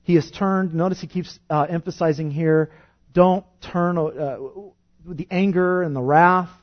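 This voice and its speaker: A man preaching a sermon, rising loud and fervent when reading scripture and dropping to a soft, quiet tone when explaining it. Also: a little high, steady tone, moderate pace, muffled recording. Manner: impassioned, swells loud on scripture then drops soft. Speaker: pastor.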